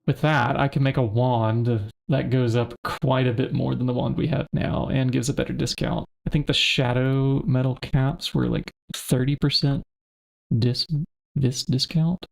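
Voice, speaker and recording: A man streams a modded game with casual commentary, thinking aloud and muttering to himself as he searches through items. His mid-range voice is creaky, with fairly even intonation and a measured pace.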